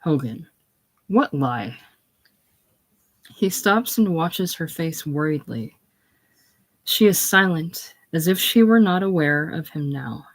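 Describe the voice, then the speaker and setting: A reader giving a casual reading of a play, stating the stage directions plainly and quietly. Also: mid-range voice, measured pace.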